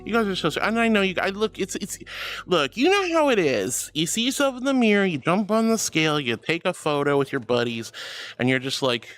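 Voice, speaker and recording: A woman's voice: fairly low pitch, very animated, fairly quick, soft background music. A woman streamer chatting casually with viewers in a bubbly, giggly, affectionate way. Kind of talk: casual livestream chat.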